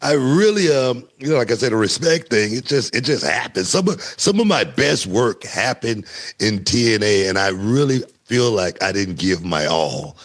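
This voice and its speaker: A middle-aged man, a former wrestler telling stories as a guest in a casual interview, animated and often laughing. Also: normal speed. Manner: animated, laughing storyteller with wide pitch swings.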